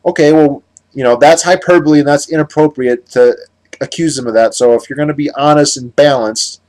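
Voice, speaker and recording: A man's voice: on the high side, fairly quick, darkish tone. A man from the United States giving a heated, sarcastic monologue on his vlog, rambling with many restarts. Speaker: political commentator.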